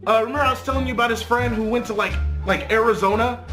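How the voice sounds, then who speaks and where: A man voicing a fiery, jealous young woman in a casual storytime retelling, her lines quick and defensive. He pitches the voice well up from his own. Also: music in the background, lightly acted.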